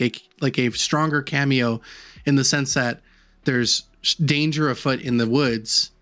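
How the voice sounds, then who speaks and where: A man's voice: medium pitch, a bit bright. A man co-hosting a podcast, chatting casually and laughing as he rambles through ideas. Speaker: podcast co-host. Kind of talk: casual chat.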